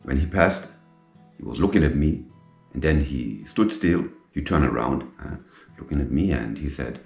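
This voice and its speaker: A middle-aged man, a native German speaker, telling his own story slowly and emphatically in English, repeating himself and dropping in French military terms. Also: very deep voice, expressive, gravelly, a little mellow. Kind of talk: personal storytelling monologue. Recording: echoey room with faint guitar music.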